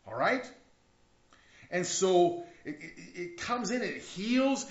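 In an echoey, dull lo-fi church recording, a pastor delivers his sermon in a conversational style with frequent restarts and mounting outcries. His voice sits high, sing-song and slow.

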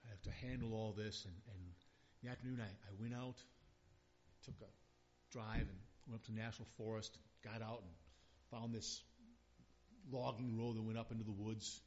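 A man's voice: lowish voice, fairly even intonation, normal speed, a little mellow, slight background noise. A middle-aged man preaching a sermon as a pastor, earnest and building to emphatic repeated phrases. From northern Minnesota. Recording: dull lo-fi sound.

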